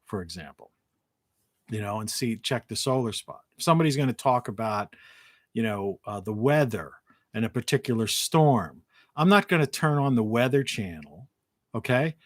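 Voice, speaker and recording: A man hosting a live talk show in a rambling monologue, with frequent restarts and a morning voice, clearing his throat now and then. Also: mid-range voice, lively intonation, moderate pace, no room sound, studio quality. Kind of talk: solo live-stream monologue.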